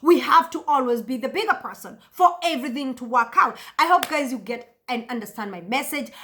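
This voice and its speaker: A woman vlogger talks to camera in a passionate, emphatic way and repeats her points. Her voice is high and bright. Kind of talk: casual monologue to camera.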